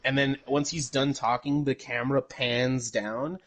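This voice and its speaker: A man's voice: medium pitch, fairly even intonation, measured pace, fairly bright tone, a little hiss or hum. A man co-hosting a podcast, casually recapping a movie in a rambling way, with lots of fillers, swearing and laughter. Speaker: podcast co-host.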